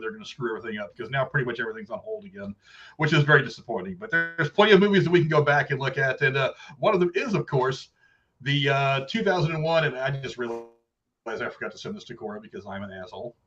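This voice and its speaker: A man's voice: medium pitch, fairly bright tone. A man hosting a podcast, laid-back, chuckling often and leaning on fillers as he introduces and reads. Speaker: podcast host. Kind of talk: casual chat and read-out intro. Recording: dull lo-fi audio.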